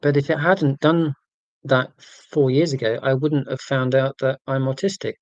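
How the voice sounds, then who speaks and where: A man's voice: mid-range voice, fairly even intonation, moderate pace, darkish tone, no room sound, muffled recording. A man, hosting a casual livestream and rambling self-deprecatingly through tangents. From United Kingdom. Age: 40s. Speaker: livestream host.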